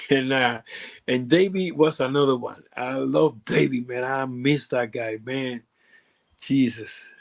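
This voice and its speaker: In a relaxed storytelling interview, a Puerto Rican guest who used to wrestle professionally speaks at a medium pitch. He halts often, leans on fillers, restarts sentences and uses broken grammar.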